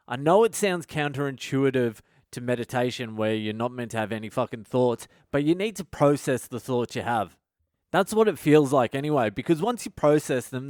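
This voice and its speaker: A man's voice: mid-range voice, darkish tone, clear, resonant tone, no room sound, studio quality. A male comedian hosting his own podcast, talking in a casual comedic monologue full of swearing and self-mocking asides.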